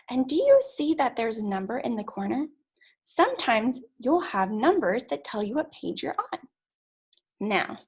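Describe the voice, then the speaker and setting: Slow, husky-voiced woman teacher. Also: a little high. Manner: slow, drawn-out, encouraging teacher voice. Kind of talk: early reading lesson for young children.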